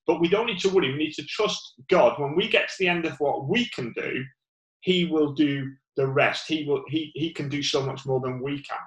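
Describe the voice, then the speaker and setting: A man's voice: fairly high pitch, normal speed, reverberant, rough recording. A man with a Northern English accent giving an informal sermon, rambling with many fillers and restarts. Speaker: preacher.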